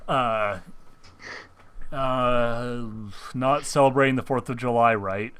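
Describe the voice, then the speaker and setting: A man's voice: medium pitch, steady tone, takes it slowly, fairly bright tone, clean tone. An American man co-hosting a podcast, riffing in casual comedic chat with a mock-patriotic, joking manner. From United States. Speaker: podcast co-host.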